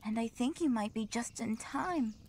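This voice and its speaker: A woman's voice: a little high, lively intonation, moderate pace, a little mellow, a little hiss or hum. A woman voicing a villager in a video game, speaking in an earnest, worried, pleading way.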